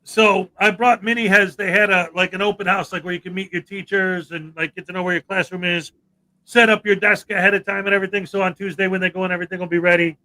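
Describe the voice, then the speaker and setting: A livestream host with a high, bright voice. He chats casually and eagerly with his co-hosts. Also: little pitch movement, fast talker, poor audio. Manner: chatty, enthusiastic.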